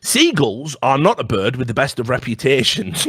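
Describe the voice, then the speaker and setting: A man co-hosting a comedy podcast, spinning long rambling stories full of swearing and jumping into sudden shrill outbursts. His voice sits in an ordinary middle register. The recording is dry and close, with no room sound. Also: very animated, normal speed, fairly bright tone, slightly rough, no room sound. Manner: rambling, profane storytelling with sudden high-pitched outbursts. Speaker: podcast co-host. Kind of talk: casual comedic chat.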